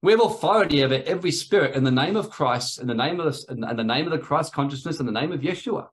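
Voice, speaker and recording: A man's voice: a little high, lively intonation, fast talker. A man giving a rambling, anecdotal talk on spiritual authority, in a sermon style. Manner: rambling, anecdotal, acts out quoted voices. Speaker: spiritual teacher.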